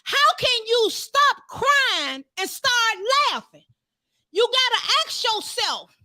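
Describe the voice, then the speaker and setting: High, bright-voiced woman preaching fervently. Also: very animated, takes it slowly, dry recording. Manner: fervent, rising to shouts, calls out to the congregation. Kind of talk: sermon.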